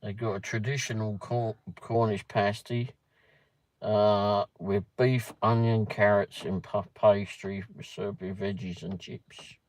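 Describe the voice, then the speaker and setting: A man's voice: lowish voice, level tone, slow pace, a little mellow. A man hosting a casual livestream, reading a pub menu aloud with muttered asides and the odd swear word. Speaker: livestream host.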